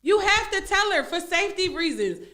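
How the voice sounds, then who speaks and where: A woman with a high voice chats on a radio talk show. She teases her co-host and laughs often. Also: very animated, normal speed, bright, forceful tone. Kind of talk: casual radio banter.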